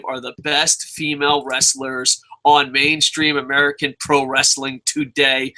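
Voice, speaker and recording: A young man giving his wrestling award picks in a casual, profane, animated vlog, sometimes mocking fans in put-on voices. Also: fairly high pitch, low-quality recording. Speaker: wrestling vlogger.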